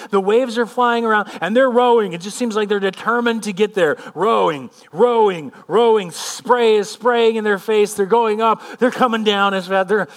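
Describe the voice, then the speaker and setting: A male pastor preaching a sermon, telling a scene vividly and then speaking earnestly and personally. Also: high-pitched. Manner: animated storytelling, vividly retelling a scene; earnest and personal when turning to his own life.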